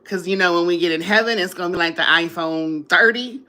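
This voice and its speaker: A woman's voice: on the low side, fairly quick, bright, forceful tone. A woman hosting a casual live stream, chatting with viewers, laughing often and sounding drowsy after a meal. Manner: sleepy after eating.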